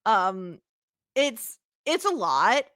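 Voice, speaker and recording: A woman co-hosting a podcast in lively, casual chat, often laughing and mimicking people. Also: mid-range voice, very slow, no echo, clean studio sound. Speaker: podcast co-host.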